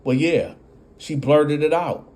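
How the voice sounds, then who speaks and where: A man's voice: fairly high pitch, steady tone, slow pace, a little mellow. A man casually telling a story and speaking straight to his audience. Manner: conversational, addresses the audience.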